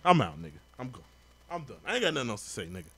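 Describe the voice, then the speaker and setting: A man's voice: mid-range voice, sing-song, rapid-fire, pushed and bright. A man, heatedly ranting and swearing through casual podcast commentary. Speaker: podcast co-host.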